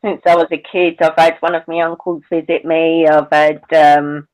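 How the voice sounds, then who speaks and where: Woman, Southern English accent with slight Irish twang, chatty, halting restarts. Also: low-pitched, level tone, darkish tone, rough recording. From England, family from Belfast. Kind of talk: casual chat.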